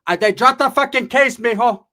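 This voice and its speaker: A man's voice: extremely high pitch, moderate pace, sharp tone, voice pushed up. A man voicing a brash, foul-mouthed middle-aged aunt who talks bluntly with no filter. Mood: bragging.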